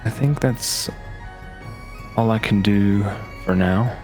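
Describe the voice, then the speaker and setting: A man as a player in a tabletop game, speaking slowly and hesitantly in a low-key way. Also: a little mellow, soft background music. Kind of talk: casual tabletop role-play.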